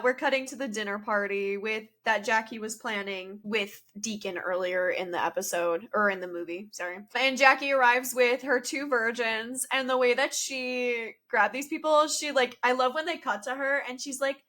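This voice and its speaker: A woman's voice: a little high, normal speed, hardly any pauses, pushed and bright. A young woman co-hosting a podcast, recapping a film in casual chat and acting out quoted lines with big jumps in voice. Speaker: podcast co-host.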